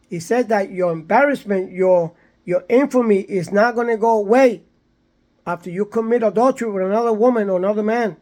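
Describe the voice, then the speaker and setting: High-voiced man rambling and preaching. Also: a little mellow. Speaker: vlogger. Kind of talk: casual vlog monologue with moral lecturing. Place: somewhere in San Antonio, Texas.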